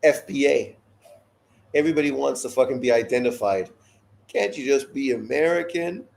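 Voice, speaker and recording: A man's voice: medium pitch, moderate pace, gravelly, a little mellow. A man hosting a live boxing watch-along, ranting bluntly and swearing freely between fight talk. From Canada. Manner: blunt, profane, opinionated rants. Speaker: boxing show host.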